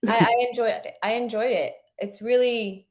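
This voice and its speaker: A woman's voice: on the high side, steady tone, moderate pace, over a noisy crowd. Woman, watch stream co-host, chatty, talks to viewers, reacts to scores. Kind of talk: casual live-stream chat.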